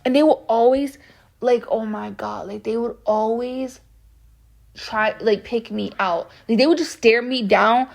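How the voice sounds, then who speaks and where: A soft-spoken young woman with a bubbly manner, rambling through a casual storytime with lots of fillers. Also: fairly high pitch, unhurried, vocal fry. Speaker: vlogger.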